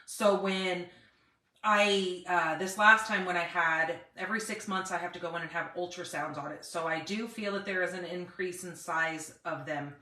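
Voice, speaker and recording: A woman's voice: on the low side, fairly even intonation, normal speed, bright, forceful tone, echoey room, distant mic, rough recording. A middle-aged woman chatting casually on a live stream, greeting viewers by name, with a dry cough and a cough drop in her mouth. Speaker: paper crafting host.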